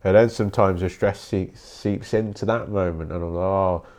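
Young male podcaster, deep gravelly voice, blunt and sweary solo ramble. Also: steady tone, moderate pace, a little mellow. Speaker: podcast host. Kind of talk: casual solo monologue.

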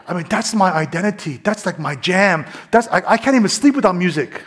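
A young man preaching his testimony, swinging between hushed whispers and loud fervent bursts. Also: high voice, lively intonation, a little fast, hardly any pauses. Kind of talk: testimony sermon.

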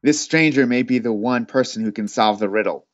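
A man's voice: medium pitch, brisk, no room sound, lightly acted. A man reading as a cold, stern chancellor. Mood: measured. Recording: dull lo-fi dry sound.

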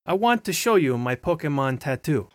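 A man's voice: fairly high pitch, big pitch swings, moderate pace, dry recording. A man playing a polite gamer with a put-on New York accent in a comedy skit.

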